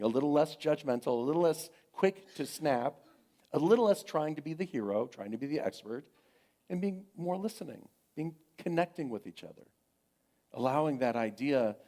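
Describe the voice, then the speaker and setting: Speaking in a mid-range voice, a middle-aged man preaches as a minister. He sounds warm and supportive, talks conversationally, returns to the same phrases, and tells family anecdotes.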